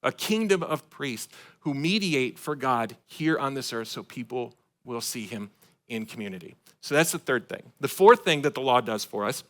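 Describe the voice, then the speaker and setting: A man from Michigan preaching a sermon to his congregation, swinging between loud emphatic points and quiet asides. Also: mid-range voice, expressive, normal speed. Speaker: pastor. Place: church sanctuary.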